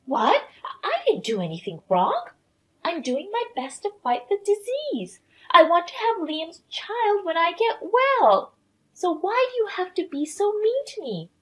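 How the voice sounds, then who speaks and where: A sick young wife pleads in a high, whining voice, bitter and spiteful underneath, as a woman narrator puts her on. Her tone swoops widely as she complains. It is a storybook drama read aloud. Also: sing-song, measured pace. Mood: whiny.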